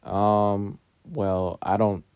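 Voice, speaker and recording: A man's voice: fairly low pitch, level tone, very slow, clean tone, dry recording, lo-fi sound. A man voicing a weary but caring adult teacher who talks plainly. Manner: tired, plain-spoken.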